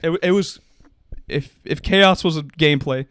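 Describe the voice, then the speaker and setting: A young man co-hosting a casual podcast chat, telling an animated story with shouted quotes. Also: on the high side, moderate pace, clean tone, no room sound. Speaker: podcast co-host.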